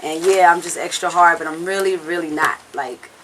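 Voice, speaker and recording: Over a little hiss or hum in a rough recording, a woman with a fairly low, fairly bright voice speaks at normal speed with fairly even intonation. She's a singer in a casual, candid interview. Earnest and blunt, with occasional swearing, she rambles and often asks "you know what I'm saying."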